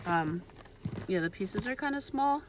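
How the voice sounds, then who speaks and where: A woman's voice: medium pitch, animated, unhurried, heavy background noise. A woman with a cold talking casually through a cooking vlog in her van, rambling with frequent ums and restarts. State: has a cold. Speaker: vlogger. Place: inside a parked van.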